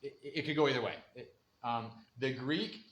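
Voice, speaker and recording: A man's voice: medium pitch, normal speed, fairly bright tone, highs cut off. Chatty man teaching in an echoey room. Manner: conversational, laughs often, acts out quoted voices. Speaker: Bible teacher. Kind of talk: informal Bible lesson. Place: church room. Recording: echoey room with faint ambience.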